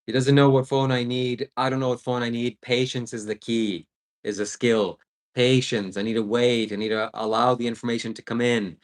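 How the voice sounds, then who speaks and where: A man's voice: mid-range voice, level tone, moderate pace. A man co-hosting a casual livestream who answers in a defensive, exasperated way. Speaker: co-host.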